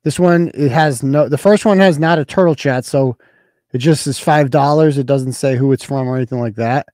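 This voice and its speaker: A man's voice: mid-range voice, normal speed, darkish tone, no room sound. A man hosting a livestream podcast, talking casually, blunt and profane, grilling a caller. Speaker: podcast host.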